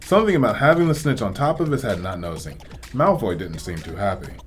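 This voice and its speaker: A man's voice: lowish voice, sing-song, fast talker, soft background music. Male reader as enthusiastic teenage boy, storybook reading. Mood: excited. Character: excited teenage boy, lively joker.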